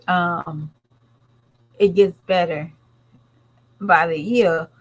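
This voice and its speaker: A woman's voice: fairly low pitch, fairly even intonation, slow, pauses often, rough recording. A woman vlogger and mother talking straight to her viewers in a blunt, rambling, casual way. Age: adult parent. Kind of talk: casual commentary chat.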